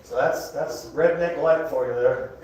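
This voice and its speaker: A man's voice: mid-range voice, unhurried, distant mic, background noise. A man with a Southern US accent doing a rambling stand-up comedy set, often laughing at his own jokes. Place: comedy club, indoors. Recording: echoey club room, live crowd.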